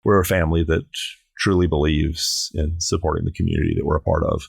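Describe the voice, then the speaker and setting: A man's voice: a bass voice, little pitch movement, fast, creaky, husky, dry recording, clean studio sound. A middle-aged man from South Carolina, a drag performer chatting on a podcast in a playful, theatrical, jokey way. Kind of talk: casual podcast chat.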